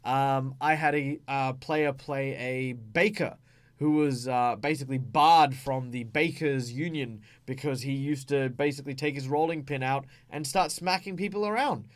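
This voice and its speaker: A man's voice: medium pitch, moderate pace. A man with an Australian accent, hosting a tabletop gaming channel, explaining in a chatty way with many fillers. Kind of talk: casual explanatory talk.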